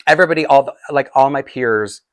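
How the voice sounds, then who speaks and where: A man's voice: mid-range voice, fast, dry recording. A man in his forties telling a personal story in a casual, rambling way, with many fillers and restarts. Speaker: doll collector vlogger.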